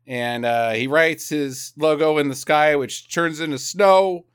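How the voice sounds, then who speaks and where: A man's voice: fairly high pitch, measured pace, smooth, dry recording, studio quality. A man co-hosting a podcast, joking casually about a movie and acting out its scenes. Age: adult parent. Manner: jokey, lively, acts out scenes. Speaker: podcast co-host. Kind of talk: casual chat riffing on a movie.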